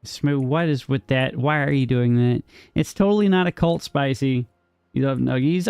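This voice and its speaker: A man's voice: mid-range voice, normal speed, gravelly, darkish tone, clean tone, no room sound, soft background music. A man streaming a game live, joking playfully with his chat, answering viewers by name and laughing often.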